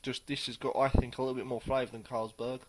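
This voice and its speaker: Guy chatting through a beer tasting, hesitant, lots of pauses, mid pitched. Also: level tone. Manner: rambling, hesitant, many pauses. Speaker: beer reviewer. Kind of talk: casual beer tasting review.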